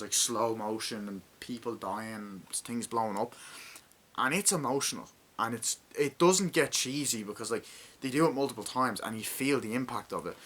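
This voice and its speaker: Bright-voiced man rambling through a film review. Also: medium pitch. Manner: rambling, swears a lot; acts out scenes with shouted lines. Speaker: movie reviewer. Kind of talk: casual movie review.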